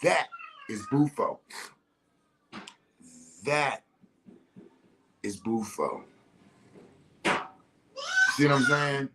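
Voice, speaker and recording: A host giving a casual monologue, emphatic and slangy, with blunt profanity and big swings in pitch. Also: extremely slow, long pauses, bright, forceful tone.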